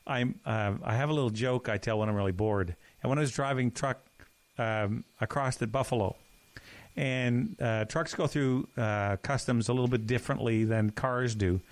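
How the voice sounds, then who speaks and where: A man's voice: medium pitch, moderate pace, no room sound. A man co-hosting a podcast, telling folksy stories and jokes in casual chat. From Canada. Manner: folksy storyteller, jumps into put-on voices. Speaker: podcast co-host.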